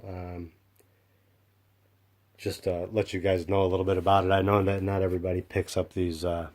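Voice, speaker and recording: Low-voiced guy rambling about his comic haul, lots of ums and restarts. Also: moderate pace. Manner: rambling, excitable, many fillers and restarts. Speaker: comic book collector vlogger. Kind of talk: casual show-and-tell vlog.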